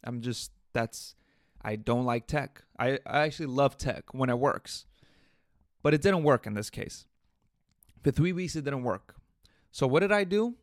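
A man hosting a casual solo podcast, telling a story in an animated, venting way with swearing. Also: mid-range voice, a little slow, no echo, studio quality. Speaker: podcast host. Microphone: USB interface podcast mic.

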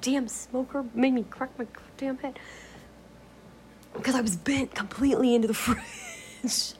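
A woman's voice: high voice, fairly even intonation, a little slow, a little mellow, a little hiss or hum. A woman vlogging at home in a casual, rambling way, swearing freely, laughing often and drifting into whispers.

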